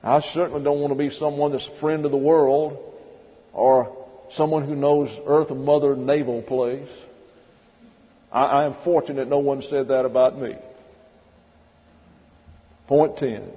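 In a dull church hall recording with long reverb, a male pastor preaches an expository Bible sermon at a measured pace, his medium-pitched voice steady and broken by long pauses. He hammers home each word emphatically and stops to spell out Greek terms letter by letter.

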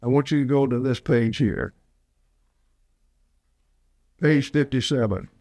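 This is an elderly pastor, in his eighties and from Alabama, whose sermon meanders through folksy tangents and stories. His medium-pitched voice has a darkish tone and moves slowly, captured in a dry recording.

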